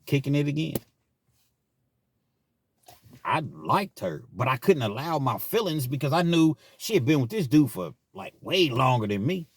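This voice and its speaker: A man's voice: medium pitch, sing-song, moderate pace, slightly rough, no echo. A man telling a personal story in casual, slangy talk as a vlog host. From Kentucky, US.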